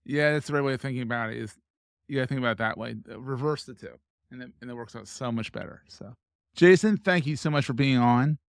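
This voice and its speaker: A man's voice: mid-range voice, fast, vocal fry, clean tone, dry recording, clean studio sound. A man hosting a podcast interview, casual and enthusiastic, full of praise for his guest. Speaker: podcast host.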